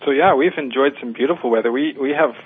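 A man, calling in to a show and chatting casually, halting with fillers and restarts. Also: medium pitch, slightly rough, low-quality recording. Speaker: caller. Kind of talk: casual phone-in chat.

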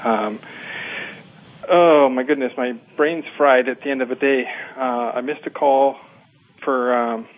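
A man, calling in to a show and chatting casually, halting with fillers and restarts. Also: medium pitch, fairly even intonation, low-quality recording. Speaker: caller. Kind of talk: casual phone-in chat.

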